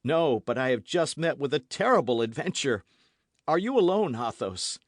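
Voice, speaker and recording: Brief: agitated young swordsman, higher and louder, read by a male narrator, dry sound. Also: moderate pace, no room sound. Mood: alarmed. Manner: excited, raised and loud. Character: frantic young male swordsman, breathless and urgent. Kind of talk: audiobook character voice.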